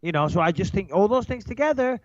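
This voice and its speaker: A nasal man with a Manchester accent holds forth on a podcast in a brash, swearing way, sitting a little high in pitch. His voice comes through a slightly dull, dry studio mic with almost no room sound. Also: quick pace, no room sound. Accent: Manchester English. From England. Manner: brash and profane, with lively impressions. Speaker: podcast host. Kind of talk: casual podcast chat.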